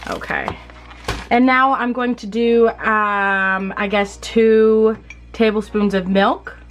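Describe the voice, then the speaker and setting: A woman's voice: medium pitch, fairly even intonation, slow, soft background music. A young woman vlogging a casual DIY beauty tutorial at home, chatty, laughing at herself and swearing casually.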